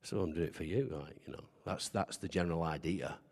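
Male pastor, lowish voice, chatty and wry sermon delivery, long church-hall echo. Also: a little fast, darkish tone, husky. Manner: conversational, asks the congregation questions; humorous, self-deprecating storytelling.

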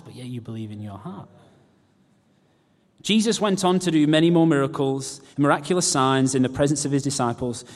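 Pastor preaching in a reverberant hall. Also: male voice, medium pitch. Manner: humorous, self-mocking asides. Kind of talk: sermon. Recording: long reverb of a large hall.

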